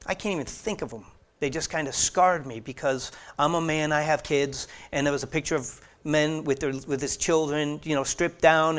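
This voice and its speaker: A middle-aged man preaching a sermon in an earnest way, growing animated and louder as he goes on. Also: on the high side.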